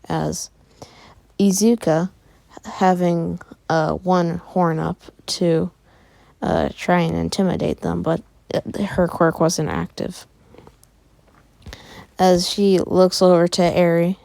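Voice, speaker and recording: A woman narrating an improvised fan story in a halting way, with many fillers and pauses. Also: fairly low pitch, steady tone, vocal fry, mellow, dry recording.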